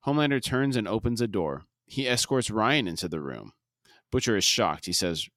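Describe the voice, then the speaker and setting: A man's voice: fairly low pitch, animated, moderate pace, fairly bright tone, no echo, studio quality. A man co-hosting a podcast, steadily narrating a TV episode scene by scene with brief comments. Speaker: podcast co-host. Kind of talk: scene-by-scene recap reading.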